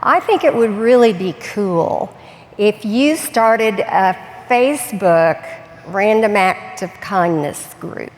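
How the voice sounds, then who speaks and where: Slow-talking encouraging woman interviewer. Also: medium pitch, expressive. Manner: encouraging, calls the guest darling. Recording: reverberant hall with faint noise.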